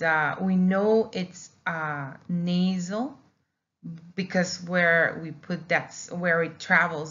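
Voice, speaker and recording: Slow, low-pitched woman teacher. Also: a bit bright. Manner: slow, drills syllables with many "okay?" checks. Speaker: Spanish teacher. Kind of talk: recorded slideshow lesson. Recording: dull lo-fi audio.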